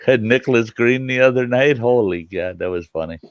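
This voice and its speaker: A man's voice: mid-range voice, fairly quick, dry recording, highs cut off. A man hosting a live chat stream, talking in an easygoing, rambling way. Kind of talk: casual chat.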